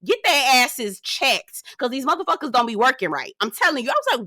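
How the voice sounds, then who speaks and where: Woman host, young adult, sassy ranting commentary, high forceful voice, dry close sound. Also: very animated, fairly quick, hardly any pauses, dry recording. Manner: sassy, hollering, talks straight to viewers.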